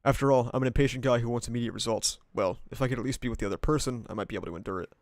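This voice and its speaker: A man's voice: mid-range voice, racing, no room sound. A man streaming himself reading a novel aloud, breaking off into casual, profane asides and laughter.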